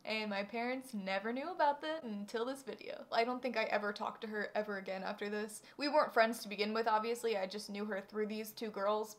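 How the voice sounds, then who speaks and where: A young woman telling a personal story in a casual vlog, animated and exaggerated, full of fillers. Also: fairly high pitch. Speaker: vlogger.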